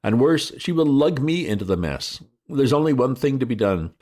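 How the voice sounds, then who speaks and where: A man voicing a breezy, flippant young gentleman who chatters excitably. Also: mid-range voice, moderate pace, voice pushed up.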